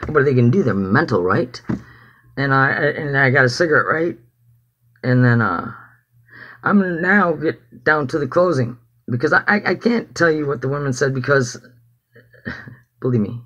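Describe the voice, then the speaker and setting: A man's voice: mid-range voice, expressive, normal speed, long pauses, a bit bright, highs cut off. A man telling a personal story as testimony in a rambling, casual way, swearing freely. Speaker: activist giving testimony.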